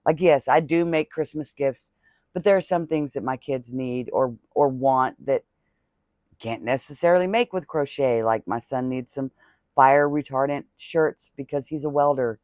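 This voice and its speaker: A man's voice: mid-range voice, moderate pace, a little mellow, no room sound, clean studio sound. A man chatting casually to camera as a crochet vlogger, rambling and heartfelt, thanking viewers with religious blessings. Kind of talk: casual talking-to-camera vlog chat.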